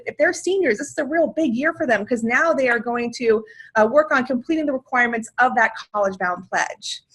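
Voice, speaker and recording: A woman's voice: a little high, fairly bright tone. A woman giving a webinar on financial aid, talking in an upbeat, enthusiastic and chatty way with filler words. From Washington state, USA. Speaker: financial aid outreach presenter. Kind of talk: webinar presentation.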